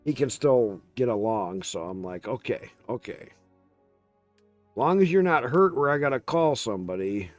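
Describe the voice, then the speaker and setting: A man streaming a game, telling a story in casual, animated chat and swearing freely. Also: mid-range voice, moderate pace, few pauses, soft background music.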